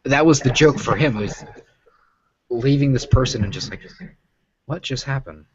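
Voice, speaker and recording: A man's voice: mid-range voice, normal speed, breathy edge, no room sound, dull audio. An American man in his twenties hosting a casual chat, rambling and profane with many fillers. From United States. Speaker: host.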